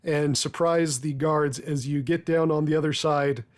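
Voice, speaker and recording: A man narrating as game master of a tabletop game, measured and deliberate, with filler pauses. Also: a little high, steady tone.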